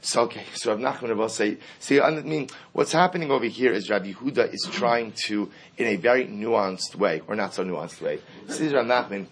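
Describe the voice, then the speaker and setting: A man giving a Talmud lesson, reading Aramaic lines and explaining them in English with lively emphasis. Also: lowish voice, moderate pace, few pauses, slight background noise. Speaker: Talmud teacher. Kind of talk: Talmud class lecture.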